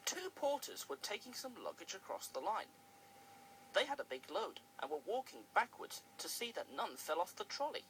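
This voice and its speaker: A storyteller reading a children's storybook aloud with expressive delivery. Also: medium pitch, normal speed, slight background noise, low-quality recording. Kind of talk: storybook narration.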